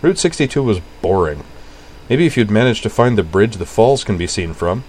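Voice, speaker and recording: A laid-back young man, played by the narrator, speaks in an easygoing, teasing way. The voice is low and relaxed. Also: normal speed, slight background noise, close to an everyday voice.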